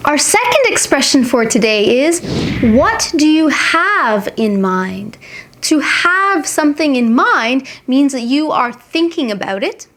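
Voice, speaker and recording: A young adult woman, an English teacher, giving a scripted lesson and saying each example phrase slowly and clearly. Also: sits high, animated.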